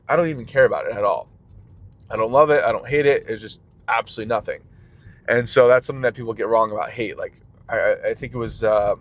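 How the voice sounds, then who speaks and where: A man who runs a small business rants casually while driving his car, full of fillers and jumping between tangents. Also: mid-range voice. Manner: rambling, filler-heavy, jumps between tangents. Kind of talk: casual vlog rant.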